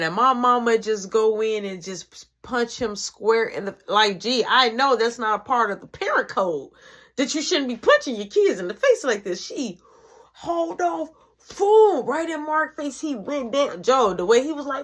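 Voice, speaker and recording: A woman narrating a story from her own life in a lively, slang-heavy, profane voice. Her speaking voice sits a little higher than most women's. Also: moderate pace.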